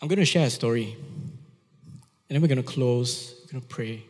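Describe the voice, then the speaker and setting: Emphatic preacher in a reverberant hall. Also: male voice, medium pitch, moderate pace. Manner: emphatic, repeats key phrases, asks the audience questions. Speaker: pastor. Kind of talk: sermon. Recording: long reverb of a large hall.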